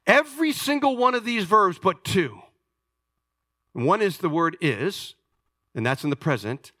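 A man preaching a sermon as pastor, explaining patiently and swinging between loud emphasis and hushed, low asides. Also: big pitch swings, moderate pace, dry recording, clean studio sound.

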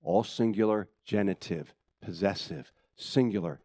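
A man preaching a sermon to his church, dramatic and swinging from loud excitement to hushed intensity, with conversational asides to the congregation. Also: lowish voice, normal speed, no echo, clean studio sound. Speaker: pastor.

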